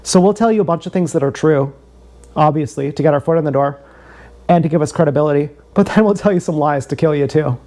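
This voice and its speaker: A man's voice: on the high side, fast, warm tone. A young man telling a rambling, profane, joking story on a livestream, often repeating himself.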